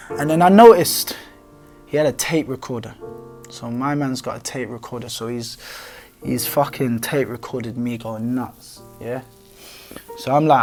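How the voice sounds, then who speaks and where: A young man tells his story in casual street talk, peppered with slang, curses and "you know what I'm saying". His voice sits at an ordinary middle pitch. Faint music plays quietly under him. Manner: informal street slang, frequent swearing and fillers. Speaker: documentary subject telling his life story. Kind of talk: candid storytelling to camera.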